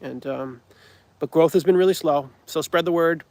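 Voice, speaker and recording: Male comedy creator, casual livestream host, a bit higher than usual, full of restarts and ums. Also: moderate pace, a little mellow, no room sound. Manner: rambling, many restarts and ums. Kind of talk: livestream chat.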